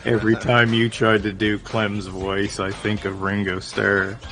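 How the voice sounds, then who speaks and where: Slow-talking deep-voiced man. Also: completely flat delivery, bright, forceful tone, soft background music. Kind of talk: casual chat.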